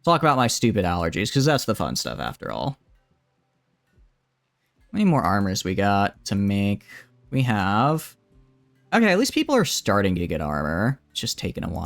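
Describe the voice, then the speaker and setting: A man's voice: lowish voice, huge pitch swings, normal speed, creaky, no echo, soft background music. A man streaming a game live, answering chat and thinking aloud in a rambling, wry way with lots of fillers. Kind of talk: live-streamed gameplay commentary, reading chat.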